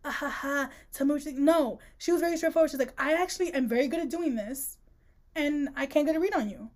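A woman co-hosting a casual book podcast, her voice sitting a little on the high side. She retells scenes in an animated, slangy way, slipping into the characters' dialogue mid-sentence. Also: fast. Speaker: podcast co-host. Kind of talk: casual book-discussion chat.

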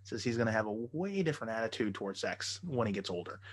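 A man telling stories in a casual chat, profane and animated, often acting out the people in his stories. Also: lowish voice, fast talker, slightly rough.

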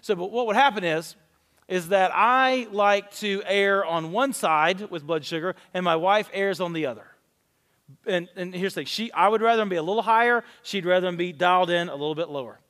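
Male pastor, 40s, high-pitched, candid storyteller with self-deprecating humor, long hall reverb. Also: a little fast, a bit bright. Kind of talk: conversational sermon.

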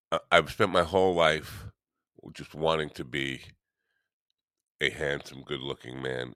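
A man's voice: extremely low pitch, fairly bright tone, clean tone, dry recording, clean studio sound. A man hosting a morning live stream, chatting casually with viewers in a rambling, self-deprecating way while still half awake.

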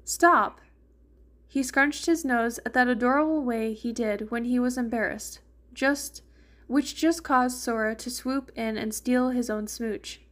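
A woman's voice: a little high, a little slow. A woman reading a fan fiction story aloud, narrating and lightly voicing the characters. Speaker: fanfiction reader.

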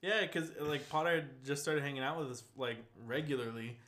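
Animated young man in an echoey room. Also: normal speed. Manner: animated storyteller, jumps to loud high impressions. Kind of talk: casual chat among friends.

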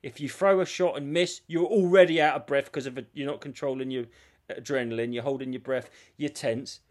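A man co-hosting a podcast, telling stories in an animated casual chat and swearing freely. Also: medium pitch, brisk. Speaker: podcast co-host.

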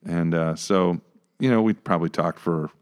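A man, a pastor, telling stories in a relaxed podcast conversation, acting out his own reactions along the way. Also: low-pitched, moderate pace, clear, resonant tone. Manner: animated, acts out his own past reactions. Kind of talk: casual conversational storytelling.

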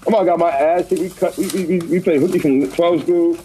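A man chatting casually outdoors as a podcast co-host, telling animated stories and acting out quotes. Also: on the high side, brisk, slight background noise, low-quality recording. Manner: animated storytelling, acts out quotes. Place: outdoors in a park.

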